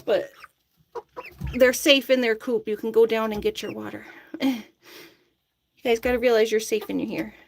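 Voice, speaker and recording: A woman's voice: fairly high pitch, gravelly, slight background noise. Chatty woman coaxing chickens outdoors. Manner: coaxing, chatty, laughs often. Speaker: chicken keeper vlogger. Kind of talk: casual chat to her chickens.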